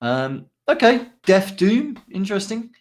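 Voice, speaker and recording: A man's voice: high voice, very animated, measured pace. A man co-hosting a casual podcast, reading out band descriptions with frequent ums and asides. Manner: reads out band blurbs with many ums and asides. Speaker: podcast co-host.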